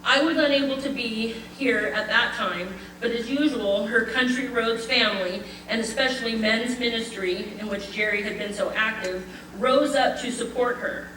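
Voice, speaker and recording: An older woman reading a prepared eulogy at a memorial gathering, heartfelt and measured, with light laughter. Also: on the high side, a bit bright, far from the mic, a little hiss or hum. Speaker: eulogy speaker. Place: memorial gathering in a community hall. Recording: echoey hall, voice from afar.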